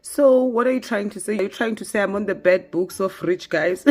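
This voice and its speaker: A young woman telling a casual storytime, animated and laughing often as she acts out the dialogue. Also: medium pitch, moderate pace, faint music behind. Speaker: storytime vlogger.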